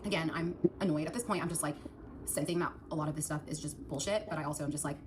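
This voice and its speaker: A woman telling her personal story in a quick, breathless storytime monologue. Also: sits low. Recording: noisy clip.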